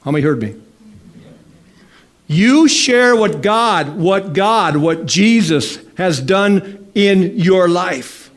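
A man preaching a sermon as pastor, stretching key phrases slowly and calling out questions to the congregation. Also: sits high, lively intonation. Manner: slow emphatic preaching with drawn-out phrases and calls to the congregation.

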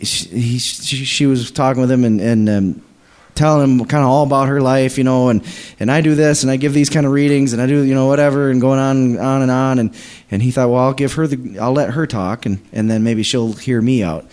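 A man's voice: mid-range voice, steady tone, brisk, few pauses, a little mellow. Man telling a church testimony, rambling, voices the people in the story. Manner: rambling, many restarts, acts out quoted voices. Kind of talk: animated storytelling in a church service.

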